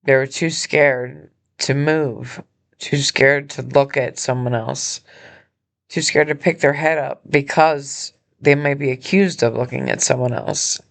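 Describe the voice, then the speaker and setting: A woman hosting her own podcast, speaking from a hospital room in an earnest, halting personal appeal, emotional and injured. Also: extremely low pitch, fairly even intonation, creaky. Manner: earnest, halting, with many pauses and restarts. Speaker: podcast host and nonprofit founder.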